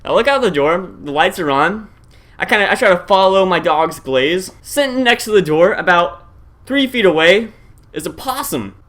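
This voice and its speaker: Young male vlogger, a bit high-pitched, casual and animated storytelling to camera. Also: normal speed. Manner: animated, addresses viewers as guys, shouts at tense moments.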